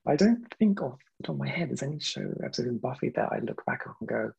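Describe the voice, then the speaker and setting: A man with a gravelly, husky voice talks quickly and loosely, piling up "like" and "you know" as he circles his point. He hedges his opinions and breaks into laughter often. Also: mid-range voice, very animated, darkish tone, muffled recording. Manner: rambling, hedging, laughs often. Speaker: podcast guest. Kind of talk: casual chat.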